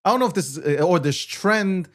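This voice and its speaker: A man hosting a casual show, joking and ribbing his co-host crudely, often rising to shouts. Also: sits high, lively intonation, fairly quick.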